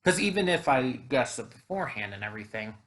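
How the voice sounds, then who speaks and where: Male YouTube reactor, casual chat, filler-heavy and rambling, ordinary middle pitch. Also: big pitch swings, fast talker, fairly bright tone. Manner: chatty, rambling, frequent fillers and restarts.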